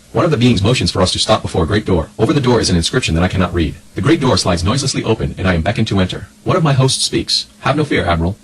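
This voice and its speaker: Male narrator, diary reading, rapid and businesslike, slightly low register. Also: slight background noise, poor audio. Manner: brisk, matter-of-fact log reading. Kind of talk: scripted narration of a flight diary.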